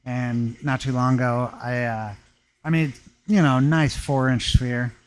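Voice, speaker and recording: A man's voice: mid-range voice, fairly even intonation, measured pace, clean tone, low-quality recording. A man hosting a casual live chat from his stone-working workshop, laid-back and slangy, laughing often. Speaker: workshop vlogger talking to live viewers.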